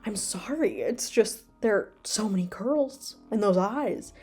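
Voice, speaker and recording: A woman's voice: mid-range voice, expressive, unhurried, a little mellow, husky, soft background music. A woman doing a curt scarred young killer. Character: scarred young male horror-legend killer, blunt and menacing. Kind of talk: comedic dramatic reading.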